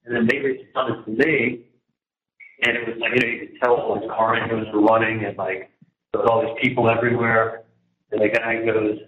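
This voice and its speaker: A man on a jail phone call, talking in a rambling, halting way that keeps restarting and repeating words. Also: on the low side, level tone. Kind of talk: casual phone conversation. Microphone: phone handset. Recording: tinny, echoey prison phone line.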